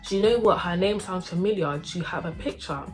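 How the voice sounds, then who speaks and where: A woman's voice: on the low side, fast, soft background music, close to an everyday voice. Woman doing a laid-back young man. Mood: calm.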